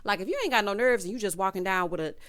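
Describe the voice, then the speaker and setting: A woman's voice: medium pitch, lively intonation, rapid-fire, fairly bright tone. A woman hosting a casual, sassy recap of a reality show, calling her viewers child and honey.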